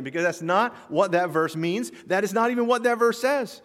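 A man from the American South preaches with a lively, swooping delivery, his voice pitched a little high for a man. He fires off rhetorical questions at his listeners. A long reverb trails behind him in a large hall. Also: fairly quick, hardly any pauses. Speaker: pastor. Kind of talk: sermon.

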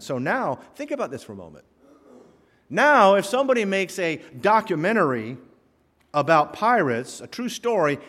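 A man preaching in a church sanctuary, his voice swinging up and down as he tells stories and drops punchy asides. The long reverb of a big hall trails after every line. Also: on the high side. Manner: animated storytelling with punchy asides. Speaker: pastor. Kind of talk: sermon.

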